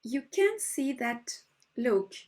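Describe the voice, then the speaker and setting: Speaking slowly in a slightly high, very animated voice, a French-accented woman teaches embroidery in her second language, English. She leads viewers patiently through a stitch one step at a time, gentle in manner, her English a little broken.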